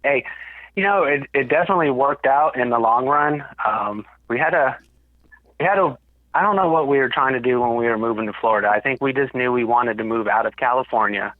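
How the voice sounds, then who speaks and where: A man's voice: medium pitch, a little fast, dry recording, phone-quality sound. Easygoing man with a Southern drawl. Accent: Southern US picked up in Alabama. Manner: easygoing, rambling, many fillers. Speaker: podcast guest. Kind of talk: casual chat.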